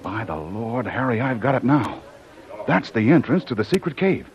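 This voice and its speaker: A man's voice: low voice, very animated, normal speed. An actor playing a bold jungle hunter hero who mutters his thoughts aloud as he stalks his quarry, in 1940s radio acting. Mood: tense. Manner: muttering to himself. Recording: hissy, muffled old radio transcription.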